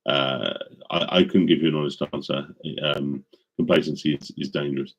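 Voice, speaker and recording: A man's voice: rumbling low, a little fast, husky, highs cut off. A middle-aged man casually chatting with viewers on a live stream, rambling with many ums and restarts, into a studio microphone.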